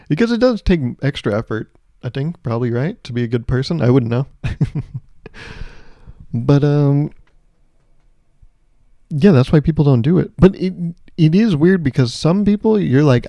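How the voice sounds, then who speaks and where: A man's voice: on the high side, lively intonation, unhurried, pauses often, mellow, no room sound. A man hosting his own podcast, ranting alone in a sarcastic, profane, joking way and often laughing at his own lines. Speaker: podcast host. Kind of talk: solo comedic podcast monologue.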